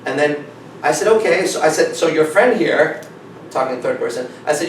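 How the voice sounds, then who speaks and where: A man's voice: a little high, expressive, brisk, distant mic, slight background noise. A man coaching on dating, telling a story emphatically and acting out both sides of the conversation. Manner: acts out dialogue, emphatic, repeats "I said". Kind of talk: animated storytelling talk. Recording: echoey room, speaker away from the mic.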